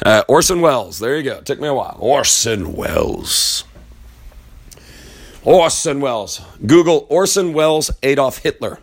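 A political commentator delivers a blunt, heated, profane rant, swearing freely and rambling while he searches online at his computer. His mid-range voice has lively intonation and a slightly slow pace.

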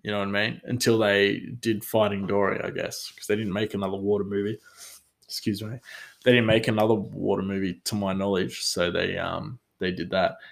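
A man's voice: fairly low pitch, flat delivery, brisk, gravelly. A man telling a casual, rambling story with many fillers, self-mocking and often laughing.

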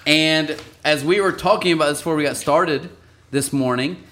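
Bright-voiced male podcast host. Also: a little high, moderate pace. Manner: laughs easily, then turns earnest. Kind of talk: casual devotional chat.

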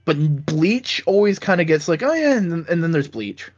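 A man's voice: a little high, moderate pace. A man co-hosting a casual podcast, blunt and sweary, who often restarts his words. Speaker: podcast co-host. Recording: dull lo-fi sound.

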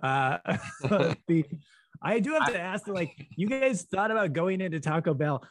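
A man in a casual chat, quick with jokes and wisecracks. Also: sits high, big pitch swings, no echo.

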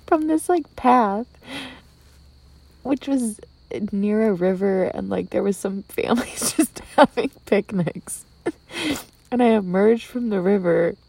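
A young woman from Minnesota chats to her camera from inside a tent, rambling through a story with plenty of "like" and "um" and frequent giggles. Her voice has a gravelly, husky edge, and the sound is close and dry. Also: medium pitch, darkish tone, no echo. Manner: chatty, giggly, lots of "like" and "um". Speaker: vlogger. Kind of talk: casual storytelling vlog. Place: inside a tent outdoors at night. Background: crickets.

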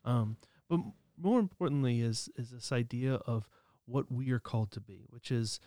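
A man's voice: medium pitch, moderate pace, mellow, no echo. A man co-hosting a religious podcast, talking through ideas casually with many restarts, fillers and small chuckles. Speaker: podcast co-host. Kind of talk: casual reflective commentary.

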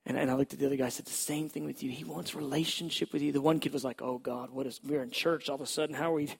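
A man telling a personal faith testimony in a conversational way, sometimes dropping to a hush. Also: medium pitch, steady tone, racing, gravelly, hardly any pauses, breathy edge. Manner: conversational storytelling, drops to hushed tones at tender moments. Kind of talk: testimony story.

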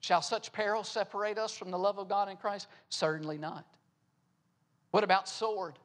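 A man with a strikingly high-pitched voice delivers a sermon. He asks his listeners question after question and repeats key phrases to drive them home. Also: little pitch movement, a little fast, fairly bright tone. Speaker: preacher.

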